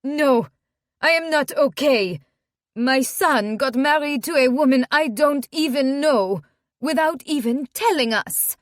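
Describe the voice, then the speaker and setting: A woman's voice: fairly low pitch, expressive, drawn-out words, no echo, studio quality. Woman voicing a French-accented middle-aged mother. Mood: upset.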